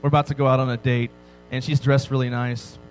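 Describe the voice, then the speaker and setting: A man's voice: medium pitch, flat delivery, quick pace, soft background music, rough recording. A man in his thirties preaching a sermon, joking and telling stories with frequent "right?" asides. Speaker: pastor. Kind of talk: sermon to a youth audience.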